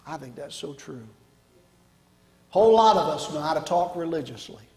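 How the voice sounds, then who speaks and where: A man preaching a sermon as pastor, swinging from loud declarations to hushed line endings. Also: a little high, expressive, moderate pace. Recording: echoey hall.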